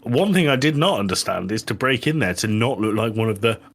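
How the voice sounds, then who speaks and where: A man's voice: mid-range voice, expressive, brisk. A British man co-hosting a podcast, ranting and swearing at a film he found stupid, acting out its scenes. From Britain. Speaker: podcast co-host. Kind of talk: casual chat, film review.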